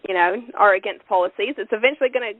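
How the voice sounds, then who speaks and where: A woman with an accent that mixes Southern US and British sounds, leading a team call in a relaxed, chatty way and laughing often. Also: mid-range voice, rapid-fire. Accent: mixed Southern US and British. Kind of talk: casual call chat. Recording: phone-line call audio.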